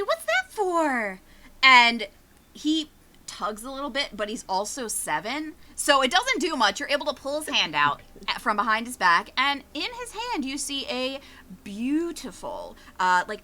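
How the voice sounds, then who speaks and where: A woman narrating as game master of a tabletop game, animated and giggly, with frequent fillers. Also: a little high, normal speed.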